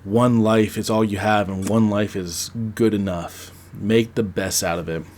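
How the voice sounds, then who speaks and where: A man's voice: fairly low pitch, fairly even intonation, a little slow, a little mellow, slight background noise. A man casually retelling a film plot and reviewing it, rambling and conversational. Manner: rambling, conversational, frequent restarts. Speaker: podcast host reviewing a film.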